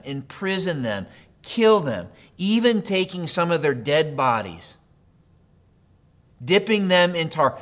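A man's voice: fairly high pitch, fairly bright tone. A male pastor preaching a sermon, talking straight to his listeners, asking questions and repeating key phrases.

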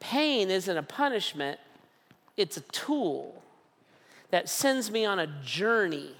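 A middle-aged man preaching a sermon in a conversational way, often checking in with "right?" and "okay?" and slowly repeating his key lines. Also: sits high, very animated, a bit bright, big-room sound. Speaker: pastor.

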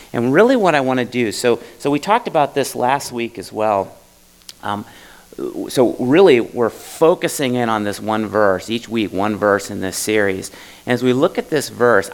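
Gravelly-voiced man preaching casually. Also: lowish voice, low-quality recording. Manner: casual, conversational, with many "you know" and "right?". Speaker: pastor. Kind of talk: sermon. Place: church hall with a congregation.

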